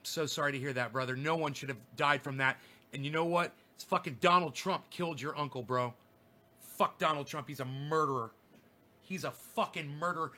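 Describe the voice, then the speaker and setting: A man streaming a furious monologue, his voice pitched high and cutting with a bright, tense edge. He swears constantly and talks straight at his viewers with open hostility. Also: brisk. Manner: angry, profane, confrontational. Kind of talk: ranting livestream monologue.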